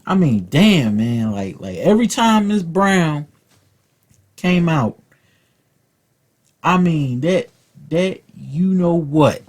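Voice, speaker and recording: Man, casual rant host, husky, animated pitch, profane and repetitive. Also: slow, pauses often. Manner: profane, repeats words while telling a story. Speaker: vlog host.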